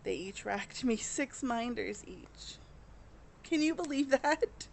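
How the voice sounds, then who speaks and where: A woman's voice: fairly high pitch, animated, slow pace, gravelly, darkish tone, slight background noise. A woman chatting casually to camera as a cross-stitch vlogger, rambling with many fillers and restarts and openly emotional.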